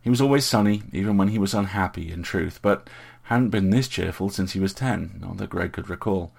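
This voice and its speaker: A man narrating an audiobook in a steady, measured way. His voice is very deep and gravelly, with a husky, rough grain.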